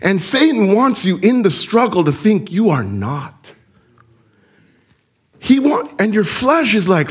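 A man preaching a sermon as pastor, animated and addressing the congregation with direct questions. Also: sits high, slow, pauses often, husky.

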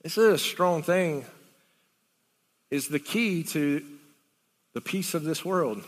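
Male preacher, high bright voice, chatty rambling sermon with rhetorical questions, reverb of a big hall. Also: lively intonation, takes it slowly.

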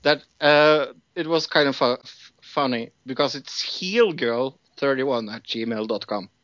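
A man's voice: mid-range voice, a little slow, a bit bright, dry recording, lo-fi sound. A man hosting a casual podcast, stammering and repeating words as he talks. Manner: stammering, laughs often. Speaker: podcast host. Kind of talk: casual chat.

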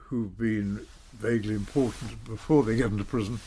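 An older man, telling his story in a measured, self-deprecating way in an interview. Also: lowish voice, steady tone, warm tone, slight background noise. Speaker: interview guest, former politician. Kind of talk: reflective storytelling.

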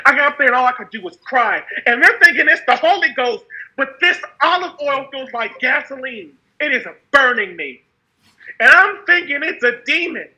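Impassioned woman with a very high, bright voice. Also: lively intonation, moderate pace, lo-fi sound. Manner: raw, impassioned, with repeated phrases for emphasis. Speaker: speaker sharing her story. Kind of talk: personal testimony monologue.

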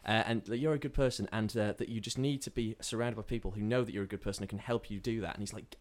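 A man's voice: lowish voice, steady tone, fast talker, darkish tone. A man casually telling a rambling comic story on a podcast, acting out the characters in quoted voices. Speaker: podcast co-host pitching a story.

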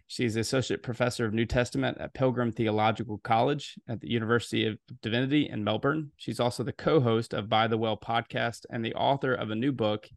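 A man hosting a podcast interview and reading sponsor messages, with an upbeat announcer delivery in the intro and a relaxed, halting manner in conversation. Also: medium pitch, vocal fry, no echo, studio quality. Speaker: podcast host. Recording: music playing under the voice. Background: music.

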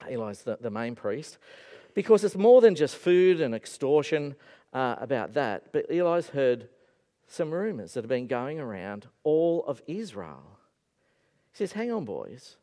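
A male preacher giving an animated, storytelling sermon in a church. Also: medium pitch, unhurried. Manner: animated storytelling with acted-out voices. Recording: echoey hall.

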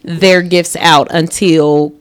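A woman in her thirties chatting casually, expressive and quick to laugh. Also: fairly low pitch. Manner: expressive, laughs easily, acts out kids' voices. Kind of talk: casual chat.

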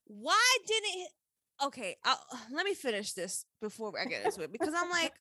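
A woman's voice: high-pitched, big pitch swings, moderate pace, pushed and bright, dry recording. A woman co-hosting a casual chat, animatedly retelling a TV scene and quoting the characters. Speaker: podcast co-host. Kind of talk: casual chat recapping a TV episode.

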